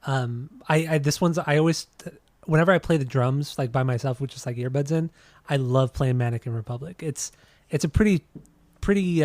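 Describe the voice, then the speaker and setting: A man's voice: fairly high pitch, a little mellow, no room sound. A young man co-hosting a podcast, talking casually about an album with many restarts and casual swearing. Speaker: podcast co-host. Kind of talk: casual music review chat.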